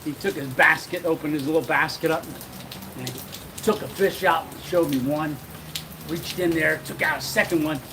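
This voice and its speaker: A man's voice: fairly high pitch, fairly even intonation, moderate pace. A middle-aged man hosting a casual live stream, telling a rambling story with chuckles and lots of fillers. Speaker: channel host. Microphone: handheld camera. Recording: rain noise behind voice. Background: rain.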